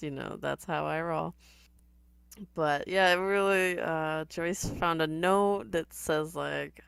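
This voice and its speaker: A woman giving casual, sardonic reaction commentary on a TV episode, chatty and quick to laugh. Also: sits low, vocal fry, fairly bright tone, clear, resonant tone, no echo.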